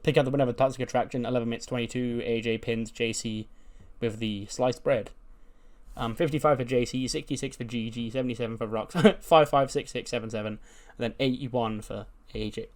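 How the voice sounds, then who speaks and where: A man's voice: mid-range voice, fairly even intonation, a little fast. A man casually recapping a wrestling booking game, chatty and full of fillers. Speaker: gaming YouTuber. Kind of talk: casual commentary on a wrestling sim.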